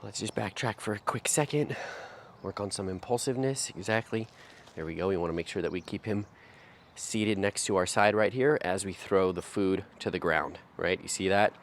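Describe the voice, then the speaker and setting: A man working as a dog trainer, explaining each step aloud outdoors while he drills a puppy, sometimes lifting into high sing-song praise. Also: normal speed, a little hiss or hum.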